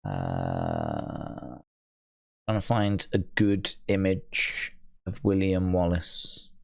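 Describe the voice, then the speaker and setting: A man's voice: sits low, huge pitch swings, extremely slow, gravelly. A man hosting a live stream, chatting casually with viewers, musing aloud with dry, rambling asides.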